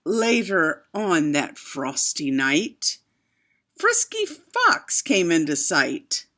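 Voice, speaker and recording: A woman reading a children's picture book aloud, expressive, with chatty asides to her young listeners. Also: lowish voice, extremely slow. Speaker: storyteller.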